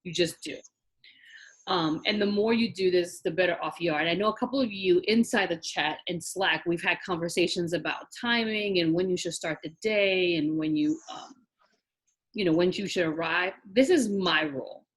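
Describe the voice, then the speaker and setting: A woman's voice: lowish voice, moderate pace. A woman from New York leading an online wedding planning class over a video call, chatty and direct, laughing often. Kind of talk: online class, casual teaching.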